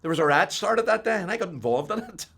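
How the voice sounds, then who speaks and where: An older man with a Northern Irish accent, telling his personal faith testimony as an animated storyteller who drops to a hush and then rises loud. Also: sits high, quick pace, creaky. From Northern Ireland. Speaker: testimony speaker.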